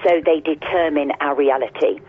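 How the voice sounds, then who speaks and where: A woman speaking as a guest in an interview, frank and chatty, with a slightly husky, breathy voice. She sounds thin and tinny, as if heard over a telephone line. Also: deep voice, normal speed. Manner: frank, chatty, with many fillers. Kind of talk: conversational interview.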